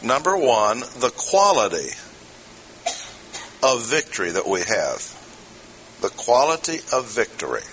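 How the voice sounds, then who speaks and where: Bright-voiced man preaching conversationally. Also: medium pitch, sing-song, a little slow, pauses often, a little hiss or hum, rough recording. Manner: conversational, asks the audience questions. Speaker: pastor. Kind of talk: expository sermon.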